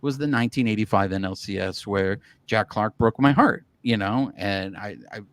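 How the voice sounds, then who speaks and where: A man's voice: on the low side, moderate pace, a bit bright, dry recording. A man co-hosting a casual baseball podcast, talking with heated, fired-up opinions. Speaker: podcast co-host. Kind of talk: casual sports chat.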